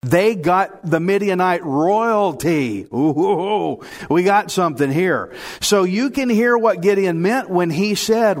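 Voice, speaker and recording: Pastor guy preaching, kinda high voice, earnest and chatty, acts out little quotes. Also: lively intonation, slow. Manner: drops low and soft in prayer. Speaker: pastor teaching the Bible. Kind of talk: sermon with prayer and Bible reading.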